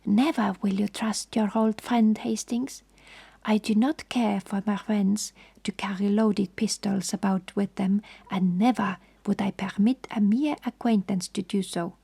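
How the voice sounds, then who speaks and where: A woman's voice: mid-range voice, fairly even intonation, a little slow, gravelly, warm tone, slightly rough. A woman voicing a fussy, precise older male detective in a whispered role-play, formal and mildly reproving. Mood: suave.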